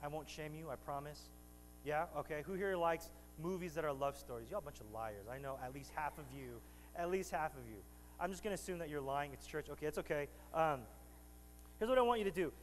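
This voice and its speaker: A man's voice: fairly high pitch, animated, a little fast, big-room sound, slight background noise, rough recording. A man preaching a sermon to his congregation in a church, bantering with them and rising to emphatic preaching. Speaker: pastor. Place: church sanctuary.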